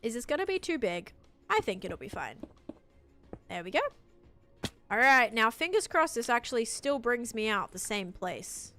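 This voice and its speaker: A woman's voice: very animated, moderate pace, long pauses, pushed and bright, soft background music. A young woman chatting casually on a live game stream, reading chat aloud and talking as she builds. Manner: chatty, reads chat aloud, mimics a voice assistant in a higher voice. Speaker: livestream gamer.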